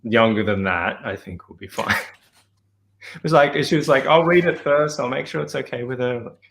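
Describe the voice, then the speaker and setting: A man on a casual author panel, talking in an easygoing way and letting his sentences trail off softly. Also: mid-range voice, normal speed, creaky, slight background noise.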